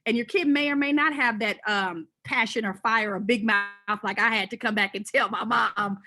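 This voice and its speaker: A woman from Southern California, a panelist telling a personal story in an animated, conversational way with many fillers and restarts. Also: a little high, normal speed, few pauses.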